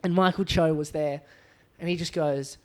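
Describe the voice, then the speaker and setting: This young comedian guest spins casual podcast stories, animated and loose, chuckling frequently and filling gaps with ums and likes. He speaks at a moderate pace in a fairly high, slightly raised voice.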